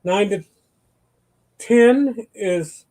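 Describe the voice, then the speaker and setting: A man's voice: high voice, extremely slow, a little mellow. A man from Chicago hosting a casual live chat show, joking and teasing his guest and greeting viewers in the chat. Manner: jokey, teasing banter. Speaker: livestream host.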